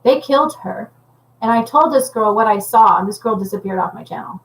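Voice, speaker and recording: A woman's voice: on the high side, a little fast, low-quality recording. A woman working as a spiritual healer and medium, talking casually and intensely to viewers on a livestream, rambling and often checking in with "okay?".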